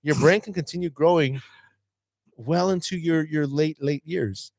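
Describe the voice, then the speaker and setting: Animated storytelling man, dry close mic. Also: on the high side, a little slow, no room sound. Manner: animated, acts out a student's lines. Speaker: teacher and podcast co-host. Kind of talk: casual storytelling chat.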